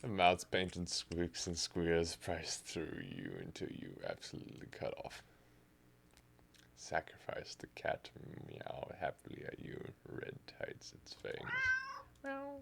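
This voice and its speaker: A man's voice: low-pitched, very animated, slow, gravelly, breathy edge. A man streaming live, reading a text game aloud in the second person and reacting as he goes.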